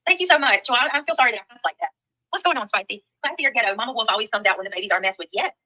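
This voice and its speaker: Woman, Southern accent, livestream host, fast, very bright voice, casual chat. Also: fairly high pitch, low-quality recording. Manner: fast, animated, greets viewers by name.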